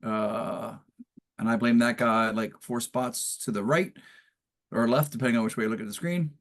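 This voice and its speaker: A man player chatting casually about his character, with joking quick asides. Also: medium pitch, creaky. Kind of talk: casual chat.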